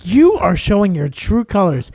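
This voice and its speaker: A man's voice: sits high, big pitch swings, gravelly, warm tone. A man co-hosting a podcast in casual chat, teasing his friend and laughing often. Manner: teasing, laughs often, quick bursts when worked up. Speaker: podcast co-host.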